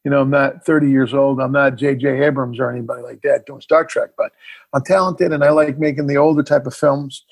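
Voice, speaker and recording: A man's voice: mid-range voice, fairly even intonation, fairly quick, creaky, breathy edge. A middle-aged man, a filmmaker guest in a casual interview, telling a story animatedly and acting out the scenes.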